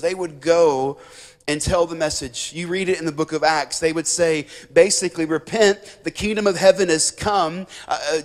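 A male missionary preaching a sermon in a church, emphatic, repeating key words and building in fervor. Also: fairly high pitch. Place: church sanctuary.

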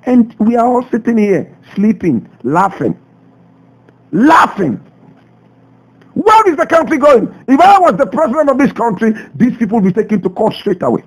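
A Ghanaian man hosting a radio show, delivering a passionate commentary full of rhetorical questions, swinging between loud outbursts and low asides. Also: very animated, brisk, hardly any pauses, breathy edge, rough recording. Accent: Ghanaian English. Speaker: radio host. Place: radio studio.

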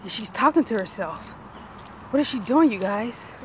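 A woman's voice: a little high, normal speed, slight background noise. A mother filming her child outdoors for a family vlog, teasing and talking playfully to her viewers. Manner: animated, teasing, talks to viewers. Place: outdoors near woods.

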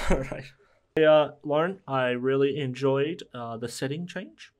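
A man's voice: mid-range voice, unhurried. A man co-hosting a podcast, teasing and wisecracking in casual banter. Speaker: podcast co-host.

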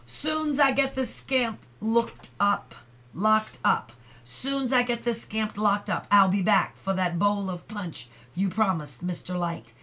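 A woman's voice: medium pitch, measured pace, natural voice. A woman reading aloud who voices a plainspoken, kindly male sheriff in a matter-of-fact manner.

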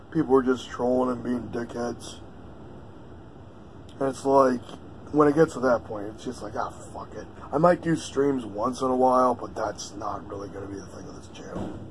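A man's voice: medium pitch, gravelly, slight background noise. A man vlogging in casual chat, offhand and drowsy, who swears freely.

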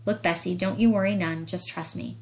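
A woman reading the part of a calm, scheming young man who speaks slowly and dismissively in dialect. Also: on the low side, natural voice, rough recording. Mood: reassuring.

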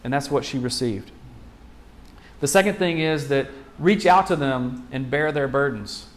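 At a medium pitch, a man preaches a sermon as a pastor. His style is conversational, packed with rhetorical questions and quick restarts.

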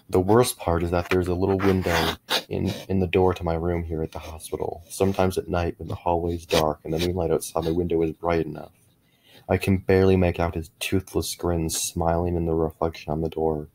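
A narrator, a middle-aged man with a very low, deep and slightly mellow voice, reads a horror story told in the first person. He speaks at a measured pace but often stumbles and restarts short phrases, with a faint hiss or hum in the background.

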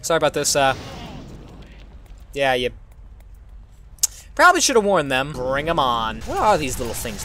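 Animated young-sounding man playing a video game. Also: medium pitch, normal speed, long pauses, soft background music. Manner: animated, jokey, exclaims at the game. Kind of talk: let's-play commentary.

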